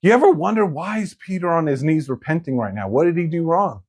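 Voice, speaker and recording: Male preacher, sermon, higher-pitched voice, conversational, jokes around, acts out quotes. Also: a little fast, breathy edge. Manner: animated, conversational and joking, acting out quotes.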